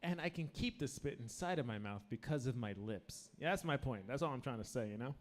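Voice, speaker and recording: Holding a mic on stage, a tipsy American man performs crude, meandering open-mic stand-up, frequently cutting himself off. He speaks fairly quickly in an animated, mid-range voice.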